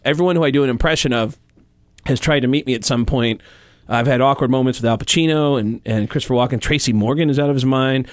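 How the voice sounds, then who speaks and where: A male comedian and impressionist telling anecdotes in animated, quick casual storytelling. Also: mid-range voice, dry recording, studio quality.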